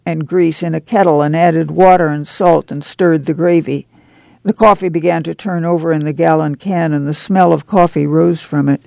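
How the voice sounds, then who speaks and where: A man narrating a novel in a measured, even reading. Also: on the high side, vocal fry, no room sound. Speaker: audiobook narrator.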